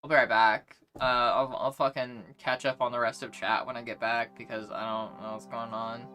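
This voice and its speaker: A woman's voice: rumbling low, level tone, moderate pace, sharp tone, soft background music. A young woman streamer ranting in a rambling, profane, exasperated way as she chats and reads her chat. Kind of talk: casual livestream rant, reading chat.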